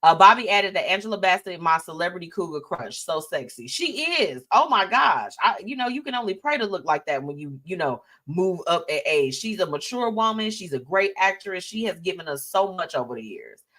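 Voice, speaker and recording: A woman hosting a live show, chatting casually about celebrity news in an animated, sassy way and reading out viewer comments. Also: on the low side, brisk, hardly any pauses.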